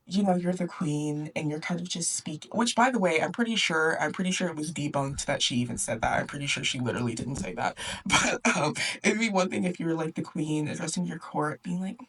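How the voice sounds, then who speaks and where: A woman's voice: deep voice, a little fast, breathy edge, far from the mic. A young woman hosting a book club, recapping a story in a chatty, sarcastic way, often laughing and acting out the characters. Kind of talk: casual book recap and commentary.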